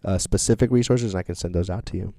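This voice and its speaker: A man's voice: low voice, dark tone, no room sound. A man co-hosting a podcast as a therapist, chatting casually and chiming in with supportive agreement. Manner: supportive, quick agreeing interjections.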